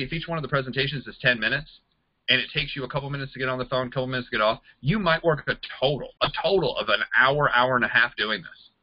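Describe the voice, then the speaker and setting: A man teaching a sales and recruiting class, talking fast and acting out bits of dialogue as he explains. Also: no room sound, dull audio. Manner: energetic, acts out quoted dialogue with pitch jumps. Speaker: network marketing trainer. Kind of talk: recorded online class.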